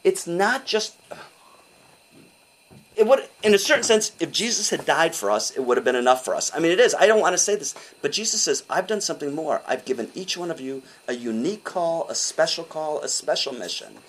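An older man preaching a sermon in an animated, conversational way, often asking his listeners questions. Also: fairly high pitch, brisk, rough recording.

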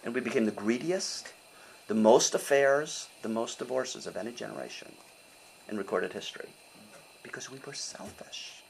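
An older man preaching a sermon in an animated, conversational way, often asking his listeners questions. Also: mid-range voice, normal speed, creaky, a little hiss or hum, poor audio.

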